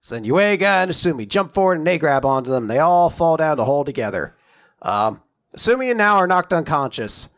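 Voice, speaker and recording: A young man chatting casually as he recaps a story, his voice sitting a little high and swinging widely as he talks. He retells the plot with animated energy and jumps into quick character voices along the way. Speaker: podcast co-host recapping a manga chapter. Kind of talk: casual chat.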